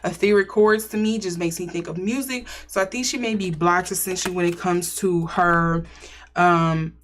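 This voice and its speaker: A woman's voice: fairly low pitch, steady tone, moderate pace, slight background noise. A woman giving a casual intuitive tarot reading, musing and thinking aloud as she speculates. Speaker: tarot reader.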